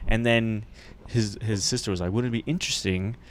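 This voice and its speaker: A man's voice: on the low side, fairly even intonation, a little fast. A man on a podcast, casually retelling a show's plot in a rambling way, acting out the characters' lines and laughing often. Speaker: podcast co-host.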